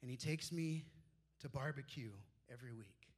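A pastor in his forties preaching a sermon. He tells personal stories and drops soft and low when he quotes his mentors. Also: normal speed.

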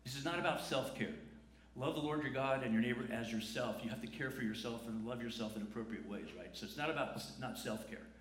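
A man's voice: medium pitch, fast, slight background noise. A man preaching a sermon in a conversational way, asking rhetorical questions. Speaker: pastor. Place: church sanctuary. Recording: echoey church room.

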